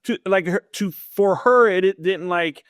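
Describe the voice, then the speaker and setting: Here a man in his thirties, appearing as a podcast interview guest, recounts his story in a relaxed, animated way, often laughing and acting out the dialogue. He has a high voice and a measured pace, recorded in studio quality without echo.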